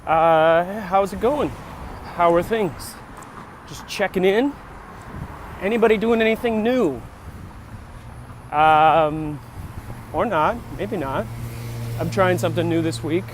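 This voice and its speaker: High-voiced man musing on a walk. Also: slow, long pauses, slight background noise. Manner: rambling, musing, self-interrupting. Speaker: vlogger. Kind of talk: casual walk-and-talk vlog. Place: outdoors on a walk near traffic.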